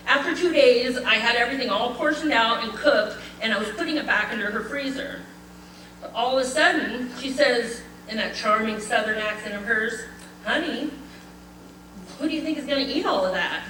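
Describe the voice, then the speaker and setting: An older woman reading a prepared eulogy at a memorial gathering, heartfelt and measured, with light laughter. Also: a little high, sharp tone, distant mic, a little hiss or hum. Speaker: eulogy speaker. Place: memorial gathering in a community hall. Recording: echoey hall, voice from afar.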